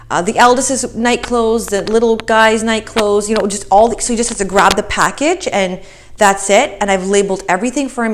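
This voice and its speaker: A woman's voice: medium pitch, slight background noise. Breathless chatty pregnant woman vlogging. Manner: chatty, with frequent fillers and restarts. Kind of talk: casual pregnancy update vlog.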